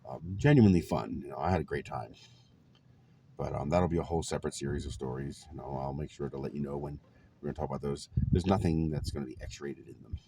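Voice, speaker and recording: A man in his forties with a very low voice tells personal stories in a relaxed, rambling vlog. His talk is loose, full of ums and small chuckles, with a faint hiss of noise behind him. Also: fast, creaky. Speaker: vlogger. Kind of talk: casual storytelling to camera.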